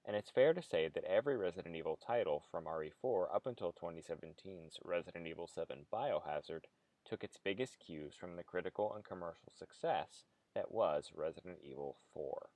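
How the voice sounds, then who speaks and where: A man with a low, deep voice narrates a video essay from a script. His delivery is measured and analytical. The sound is close and dry, with no room around it. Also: lively intonation, darkish tone, no room sound.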